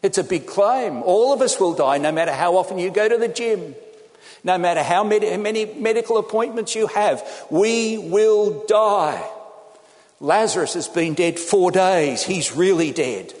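A man preaching a sermon, animated and acting out the people he quotes. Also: high voice, a little slow. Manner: animated, acts out quotes in changing voices. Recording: long hall reverb.

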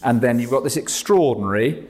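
A man giving a jokey, animated talk on evangelism to a meeting. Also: medium pitch, brisk. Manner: jokey, animated, self-mocking asides. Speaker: preacher.

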